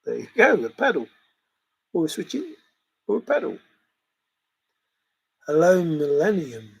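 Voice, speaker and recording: A man's voice: fairly high pitch, wildly swooping pitch, unhurried, vocal fry, breathy edge, low-quality recording. A man hosting a livestream, chatting casually in a rambling way and chuckling as he reacts to viewers' comments. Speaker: livestream host reading chat. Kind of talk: casual chat.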